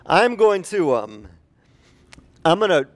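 Pastor, male, mid-high voice; chatty sermon, quizzes the room. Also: slow. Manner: asks the congregation questions, animated and chatty. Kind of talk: conversational sermon.

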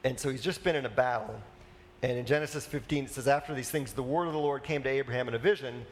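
A man's voice: mid-range voice, fast. A man preaching a conversational sermon as a pastor, casual and chatty, with asides and fillers.

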